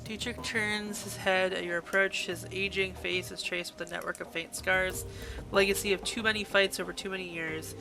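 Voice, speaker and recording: A woman's voice: medium pitch, fairly even intonation, moderate pace, vocal fry, music in the background. A woman streaming a game live, reading its text aloud and reacting with gushing, emotional outbursts. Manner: gushing, emotional reactions between read passages.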